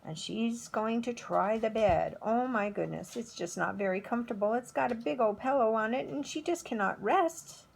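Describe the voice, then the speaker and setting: A middle-aged woman, a preschool teacher, slowly telling a story to toddlers. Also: fairly high pitch, gravelly, husky. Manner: slow, expressive storytelling.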